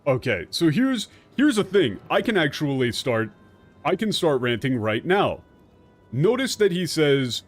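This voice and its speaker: A man streaming a game, casually explaining the translation in an animated, profane way. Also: a little high, measured pace, faint music behind.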